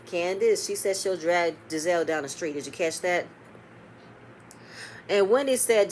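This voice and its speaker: A woman giving a casual, animated recap of a reality show episode, quoting the cast and swearing freely. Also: fairly low pitch, moderate pace, a little hiss or hum.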